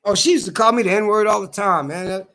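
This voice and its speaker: Man, very high-pitched, sharp bright tone, profane heated rant, stumbling restarts. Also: quick pace. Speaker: social media commentator. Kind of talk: ranting monologue.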